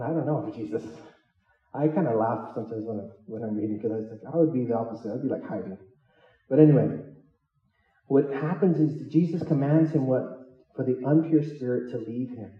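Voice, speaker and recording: Animated male pastor in a roomy hall. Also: fairly high pitch, far from the mic, lo-fi sound. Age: adult with children. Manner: animated, joking, acts out the disciples' lines. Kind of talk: sermon. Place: church hall.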